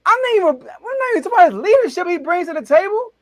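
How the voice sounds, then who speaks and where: A man hosting a casual sports debate show, telling stories in an animated, excitable way with big jumps in his voice. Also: very high voice, racing, no room sound.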